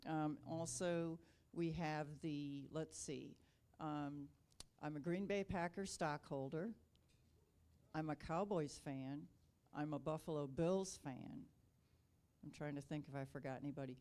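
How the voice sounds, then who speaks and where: A woman's voice: low voice, steady tone, unhurried, a little mellow. A middle-aged woman from Wisconsin giving a chatty, casual speech to a club, with lots of ums and light self-deprecating humor. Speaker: Rotary district governor.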